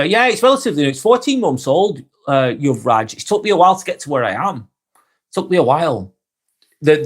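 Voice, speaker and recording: A young British man hosting a live vlog stream, reading out viewer comments in a relaxed, chatty way with frequent ums and quick laughs. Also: fairly high pitch. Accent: British English. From England.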